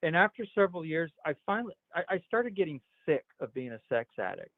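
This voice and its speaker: Brief: middle-aged man, personal storytelling, stammering restarts, pitch jumps up in quoted speech, thin telephone-band audio. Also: sing-song, dry recording. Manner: halting, repeats words, rises sharply when quoting others. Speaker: interview guest. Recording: tinny phone-like line.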